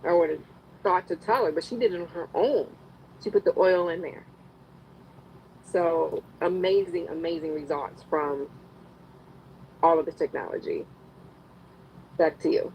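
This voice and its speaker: A woman's voice: on the low side, measured pace, long pauses, lo-fi sound, a little hiss or hum. A woman telling a chatty story on a video call. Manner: chatty, acts out quoted friends. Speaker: product testimonial speaker.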